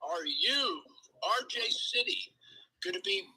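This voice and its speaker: A man calling into a live stream over a video call from a restaurant, telling stories in an excitable, stumbling way and laughing as he talks. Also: high-pitched, slow, crowd noise, poor audio. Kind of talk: casual chat.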